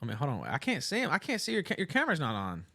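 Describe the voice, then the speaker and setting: A man's voice: on the high side, huge pitch swings, racing, sharp tone. A man calling into a stream, laughing, profane and mocking. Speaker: caller. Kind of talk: casual call-in banter.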